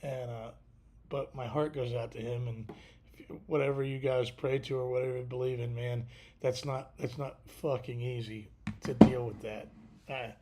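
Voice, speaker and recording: A tired man hosting a casual livestream, talking haltingly with many fillers and restarts. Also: mid-range voice, fairly even intonation, dark tone, slight background noise. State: tired, yawning. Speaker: podcast host.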